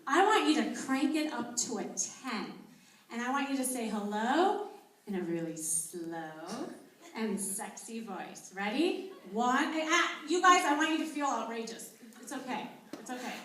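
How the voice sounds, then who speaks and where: A woman's voice: sits high, a bit bright. A woman coach leading an audience through an exercise, coaxing and counting aloud. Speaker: dating coach guest. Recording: echoey room from far off, audience. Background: studio audience.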